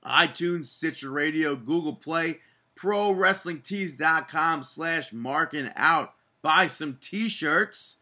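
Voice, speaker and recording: A man's voice: fairly high pitch, slow pace, bright, forceful tone. A man hosting a wrestling podcast, chatting casually and upbeat, laughing easily. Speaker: podcast host. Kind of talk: casual chat.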